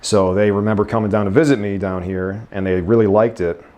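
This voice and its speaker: A man's voice: on the low side, fairly even intonation, fairly quick, darkish tone. A man in his thirties from Staten Island with a New York accent, chatting easily as an interview guest with frequent fillers and restarts. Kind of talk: casual interview chat.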